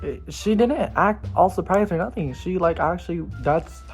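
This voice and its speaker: Young male vlogger, gossipy storytime, lively slangy delivery, soft music underneath. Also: high-pitched, moderate pace. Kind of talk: casual storytime.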